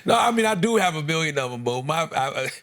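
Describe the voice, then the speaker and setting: Middle-aged guy on a comedy podcast, kinda high voice, acts out every quote, laughs a lot. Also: quick pace. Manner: animated storyteller, laughs often, acts out quotes. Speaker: podcast co-host. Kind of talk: casual comedic chat.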